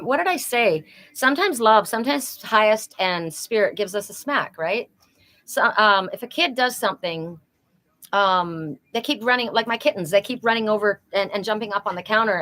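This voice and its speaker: A woman's voice: mid-range voice, sharp tone. A middle-aged woman doing a live oracle card reading, talking earnestly and repeating phrases for emphasis.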